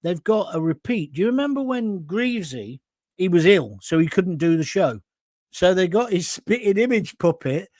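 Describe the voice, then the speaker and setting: A man's voice: sits high, sing-song, moderate pace, darkish tone, no room sound, studio quality. An older man hosting a live opinion show, reading out viewer comments and ranting with indignation and sarcasm. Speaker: host.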